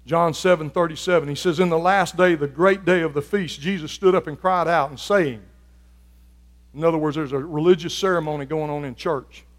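High-voiced preaching man in a reverberant hall. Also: fairly even intonation, a little fast. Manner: preaching with rising fervor, shouting at peaks. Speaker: pastor. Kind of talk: sermon.

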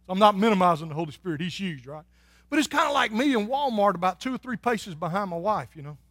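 A male pastor preaches in a folksy, homespun way, his voice sitting high for a man. He sinks to near murmurs and climbs back to shouts. The sound is close and dry, with no room around it. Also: big pitch swings, fast talker, no room sound. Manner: folksy, swings from soft and low to loud and shouting. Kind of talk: sermon.

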